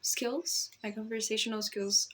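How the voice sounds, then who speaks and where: A woman's voice: a little high, steady tone, unhurried, fairly bright tone, husky. A young Brazilian woman, a native Portuguese speaker, rambling in casual self-deprecating talk to her phone camera at home, with a Brazilian accent tinged by American influencer speech. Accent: Brazilian, with American influencer tones. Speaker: vlogger.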